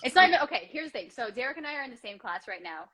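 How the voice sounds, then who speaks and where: A woman's voice: on the high side, sing-song, very fast, bright, forceful tone. A woman hosting a casual chat over a video call, playful and chatty with lots of "like". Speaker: host.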